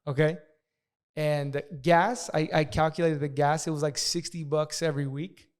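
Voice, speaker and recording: A man casually telling a profane story as a podcast guest, talking fast and acting out the people in it. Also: fairly high pitch, flat delivery. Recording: long hall reverb.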